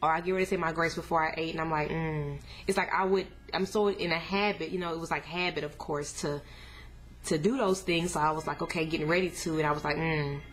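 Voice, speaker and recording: A young woman speaks candidly to her viewers in a fairly low voice, recounting a hard personal story in an earnest, plain-spoken way. Her pitch jumps up sharply when she relives moments of anger. A faint background hum sits under the voice. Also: steady tone, quick pace, a bit bright. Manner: casual, addresses viewers as y'all. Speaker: vlogger sharing a family update. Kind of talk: emotional personal storytelling to camera.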